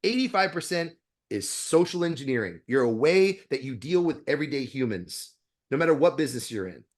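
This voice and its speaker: A man who is a dentist, a guest on a podcast interview, talking bluntly with profanity and animated storytelling. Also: medium pitch, brisk.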